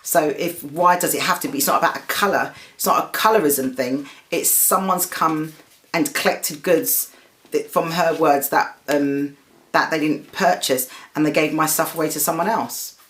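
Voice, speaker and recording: A woman with a low, full voice tells her own story straight to her audience. She talks earnestly, backtracking and restarting mid-sentence. When she quotes the other people in the story, her voice jumps up in pitch. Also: normal speed, fairly bright tone, echoey room. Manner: earnest, retelling a dispute, stumbles and restarts. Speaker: host. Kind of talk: personal storytelling to camera.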